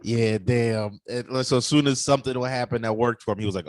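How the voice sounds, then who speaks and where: A man in casual podcast chat, relaxed and quick to laugh, with short reactions. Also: mid-range voice, no room sound, clean studio sound. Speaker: podcast guest.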